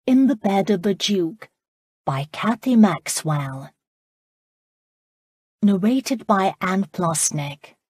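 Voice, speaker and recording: A woman narrating an audiobook in a measured, expressive reading on a close studio mic. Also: mid-range voice, breathy edge, dry recording. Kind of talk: scripted narration.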